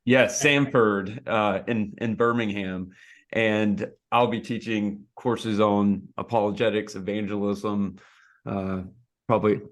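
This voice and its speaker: A man speaking as a guest author on a podcast, easygoing and unhurried in his answers. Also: fairly low pitch, fairly even intonation. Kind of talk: casual interview.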